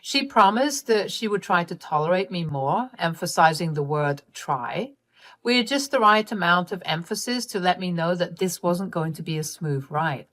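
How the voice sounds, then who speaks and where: A woman narrating a personal family drama in an expressive, wry and exasperated way. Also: fairly low pitch, normal speed, hardly any pauses.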